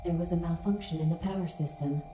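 A woman voicing a female ship's computer in a game, speaking in a calm, formal, instructional way. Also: fairly low pitch, quick pace, roomy sound, over music, close to an everyday voice. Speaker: game character.

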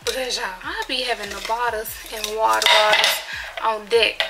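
A young woman talking to her viewers while babysitting a niece and nephew, animated and emphatic, often laughing. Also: on the high side, moderate pace. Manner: animated and emphatic, laughing often, loud when the baby cries. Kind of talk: casual vlog talk to viewers. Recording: clear background noise.

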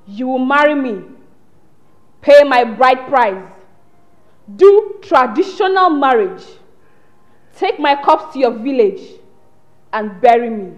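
An actress playing the vengeful ghost of a young woman, with a Nigerian accent, giving slow, commanding orders. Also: high voice, big pitch swings, lo-fi sound, full character voice. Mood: menacing.

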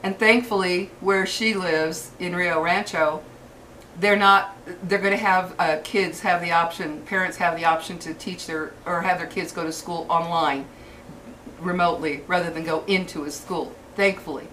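An older woman, a grandmother, delivering a furious cursing rant to her viewers with halting restarts. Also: on the low side, steady tone, a bit bright. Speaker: vlogger. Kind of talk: angry rant to camera. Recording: distant mic with faint background hiss.

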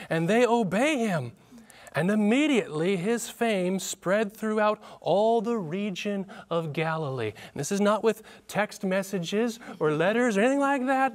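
A man teaching a Bible lesson on a church panel, reading scripture and explaining it in a conversational way with light humor and questions to the audience. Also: sits high.

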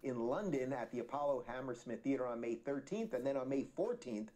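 A man's voice: mid-range voice, a little fast, warm tone. A man in a played clip making an upbeat promotional announcement to his viewers. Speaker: podcast host in a played clip.

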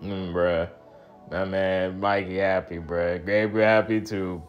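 A man's voice: low voice, flat delivery, slow, highs cut off, soft background music. A man hosting a webtoon reaction video, reading panels aloud and reacting in a slangy, exclaiming way with frequent laughs.

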